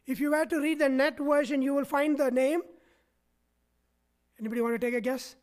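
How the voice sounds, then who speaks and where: In a church, a man with an extremely high, steady voice preaches to his congregation at a fairly quick pace. He keeps checking in with them, frequently tagging his points with "right?"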